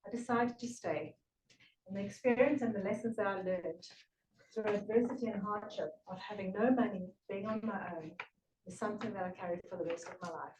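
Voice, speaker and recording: A woman from South Africa with a South African accent, slightly British-tinged, giving a prepared speech at a speaking club, earnest with emphatic pauses. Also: medium pitch, darkish tone, slight background noise. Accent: South African English with a slight British tinge. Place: meeting room. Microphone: room recording from a distance. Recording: echoey room from far off.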